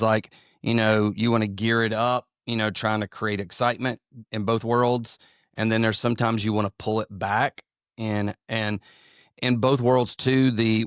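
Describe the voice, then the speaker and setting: A middle-aged man from the American South, a comedian and pastor with a Southern drawl, tells rambling, self-deprecating stories with many restarts in an interview conversation. His voice is on the low side with a fairly bright tone. The sound is clean studio quality with no echo.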